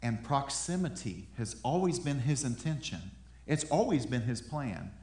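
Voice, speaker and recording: A man's voice: mid-range voice, lively intonation, normal speed, mellow, echoey room. A man preaching a sermon in a conversational way, often repeating words as he builds a point. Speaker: pastor. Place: room with an audience.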